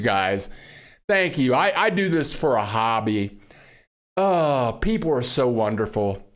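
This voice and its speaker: An older man hosting a casual livestream from Mexico, greeting viewers by name and getting excited over their messages. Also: on the high side, a little slow. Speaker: livestream host. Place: home in Mexico.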